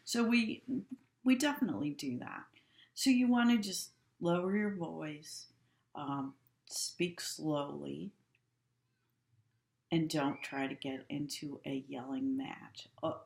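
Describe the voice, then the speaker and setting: Low-voiced woman teaching staff, slow and calm, repeats stuff, roomy echo. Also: creaky. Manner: calm, instructive, repeats key points. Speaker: healthcare trainer. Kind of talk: recorded training talk. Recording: echoey room.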